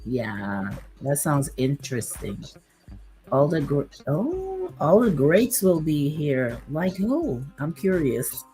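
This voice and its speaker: Deep-voiced lady chatting slow on a livestream, lots of ums, kinda hoarse, faint music under. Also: huge pitch swings, mellow, rough recording. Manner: unhurried, chatty, with many fillers. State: losing her voice. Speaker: YouTube livestream host. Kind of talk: casual livestream chat reading viewer comments.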